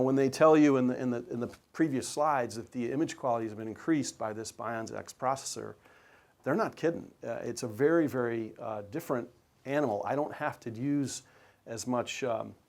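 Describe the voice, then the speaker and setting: An enthusiastic man presents his photos to an audience in a relaxed, conversational way. He is a working sports photographer who talks easily, with plenty of fillers and restarts, at a mid-range pitch. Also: normal speed, gravelly.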